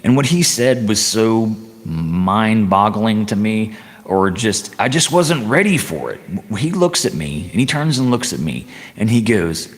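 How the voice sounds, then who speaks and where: Livestreamer, male, low voice, rambling halting storyteller, long reverb on the sound. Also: big pitch swings. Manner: halting, repeats himself, chatty asides.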